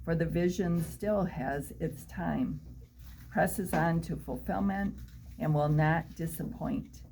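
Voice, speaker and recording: A woman volunteer reading a passage of scripture aloud in a measured way. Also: sits low, creaky, warm tone, slight background noise, low-quality recording.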